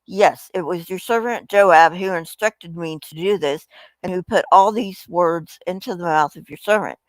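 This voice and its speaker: A humble, pleading widow speaks up before a king, read aloud by a woman. Her voice sits a little low and sounds close and dry, with no room around it. The delivery stays plain and deferential, more read than acted. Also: moderate pace, no echo, close to an everyday voice, poor audio.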